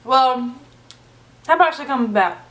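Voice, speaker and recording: Animated woman telling a storytime. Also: sits high, unhurried. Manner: animated storytelling, casual slang. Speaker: vlogger. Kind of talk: storytime vlog.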